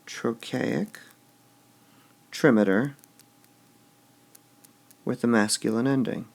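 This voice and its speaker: A man's voice: mid-range voice, takes it slowly, vocal fry. A man teaching a recorded lesson on poetic meter. He goes step by step, says "all right" often between steps, and repeats words with shifting stress to show the beat.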